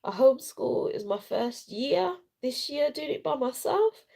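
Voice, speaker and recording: A tearful woman rambles frankly through a home vlog. Her voice is dark and gravelly, and her pitch swings widely as she cries between words. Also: animated, unhurried. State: crying. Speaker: vlogger. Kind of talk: emotional casual live chat. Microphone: self-recorded at home without sound check.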